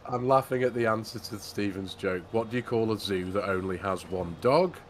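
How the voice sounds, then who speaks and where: A man's voice: lowish voice, moderate pace, slight background noise. A man, co-hosting a farming game livestream in casual, jokey chat and reading out viewer messages. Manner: jokey, chatty, says mate a lot, reads chat messages aloud. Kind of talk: casual live-stream chat.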